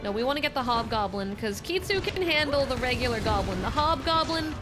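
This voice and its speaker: A woman's voice: high-pitched, lively intonation, fairly quick, music in the background. A young woman livestreaming a video game, giving playful, teasing running commentary to her chat and her in-game companion. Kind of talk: casual gameplay commentary.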